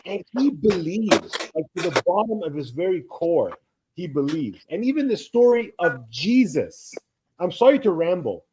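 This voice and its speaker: This co-stream host is in his thirties, with a high-pitched voice and a moderate pace. In casual storytelling chat he rambles through anecdotes and acts out the people he quotes, on a low-quality recording with slight background noise.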